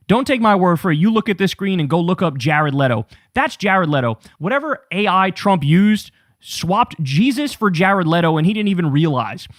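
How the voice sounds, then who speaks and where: A man's voice: on the high side, no room sound, clean studio sound. A man hosting political commentary in a casual, profane, mocking rant. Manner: mocking, animated, swears a lot, says bro.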